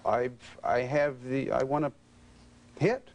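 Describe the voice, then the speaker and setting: A man talks through his divorce in a counseling session, stammering and restarting often. His voice sits in an ordinary middle register, and a held-back anger runs through his halting words. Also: medium pitch, rough recording. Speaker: client in a counseling interview. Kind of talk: halting emotional disclosure.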